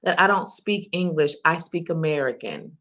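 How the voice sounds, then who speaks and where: Animated woman host telling stories. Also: sits low, moderate pace. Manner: animated storytelling, mimics voices. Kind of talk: casual chat.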